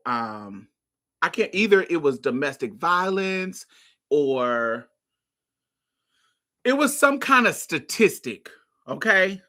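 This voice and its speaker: A woman's voice: on the low side, sharp tone. A woman hosting a casual talk show, telling a story to her listeners in a blunt, profane way and laughing often. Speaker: host.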